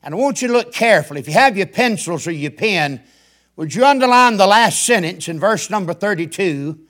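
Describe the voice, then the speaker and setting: An older man, a radio preacher delivering a fiery sermon that builds to shouts. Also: sits high, expressive, brisk.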